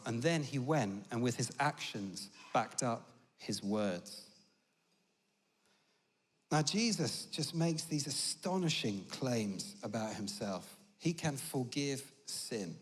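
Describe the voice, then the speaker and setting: A man's voice: medium pitch, animated, takes it slowly, husky. A British man giving a conversational sermon in a church, telling stories with humorous asides. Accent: British English. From Britain. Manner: chatty storytelling, humorous asides. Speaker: preacher. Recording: long church reverb.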